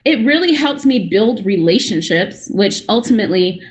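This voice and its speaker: A woman's voice: mid-range voice, lively intonation, moderate pace. A young adult woman speaking at a real estate breakout session, chatty and full of restarts, acting out little conversations as she goes. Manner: chatty, fillers and restarts, acts out dialogue. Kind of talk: animated conference talk.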